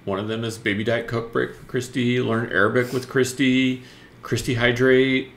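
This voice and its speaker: A man's voice: mid-range voice, flat delivery, moderate pace, a bit bright, roomy sound, a little hiss or hum. Easygoing man co-hosting a drawing stream. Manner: easygoing, jokey, greets viewers. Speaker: co-host and artist drawing live. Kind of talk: casual chat.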